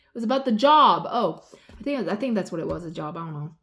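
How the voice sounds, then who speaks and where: A woman in her forties ranting casually, rambling and swearing, losing her train of thought and swinging between loud exasperation and low muttering. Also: fast talker. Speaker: vlogger. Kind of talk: casual rant.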